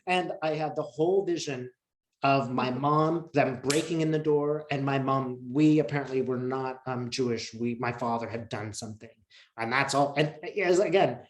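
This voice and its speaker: A man's voice: mid-range voice, normal speed. Earnest man telling a story in an echoey room. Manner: earnest, emotional, reflective, many fillers. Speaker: interview guest. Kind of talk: casual storytelling in an interview. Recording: roomy echo.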